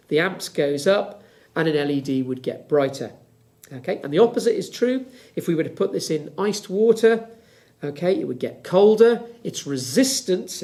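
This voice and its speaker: A man's voice: on the high side, mellow. A middle-aged man teaching a physics lesson from home, chatty and explaining step by step while he demonstrates.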